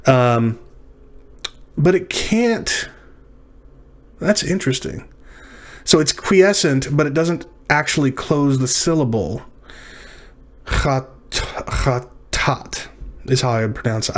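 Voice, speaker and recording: A man teaching a language lesson, working through practice words aloud, thinking as he goes and correcting himself. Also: medium pitch. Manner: thinking aloud, self-correcting, sounding out syllables. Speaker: language instructor. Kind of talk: recorded lecture practice walkthrough.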